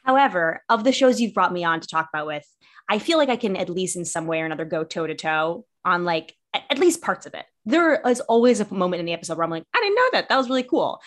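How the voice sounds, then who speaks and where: A woman's voice: on the low side, lively intonation, fast talker. A woman guesting on a podcast in casual chat, self-deprecating, giggly and rambling.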